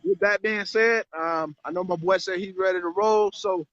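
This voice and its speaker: A man's voice: high voice, fairly even intonation, moderate pace, fairly bright tone, no echo. A man hosting a casual live stream chat about marketing, rambling and repeating words. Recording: dry, slightly muffled live stream audio.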